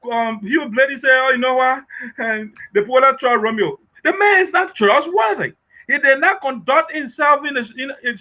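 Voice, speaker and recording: A man's voice: very high-pitched, bright, forceful tone. A man giving impassioned political commentary, emphatic and rhetorical, often asking "okay?". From Liberia.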